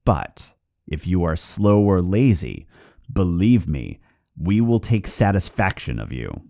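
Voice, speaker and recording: A man's voice: low voice, sing-song, slow, creaky, warm tone, no room sound, clean studio sound, exaggerated voice. A man voicing a small gray male fairy leader who gives orders and threats in a told folk tale. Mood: threatening.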